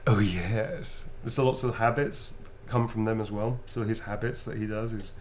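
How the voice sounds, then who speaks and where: A man's voice: fairly low pitch, little pitch movement, normal speed, a little mellow, a little hiss or hum. A tired British man from Birmingham chatting casually on a livestream while signing autographs, laughing often and calling people "darling" and "mate". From Birmingham, England.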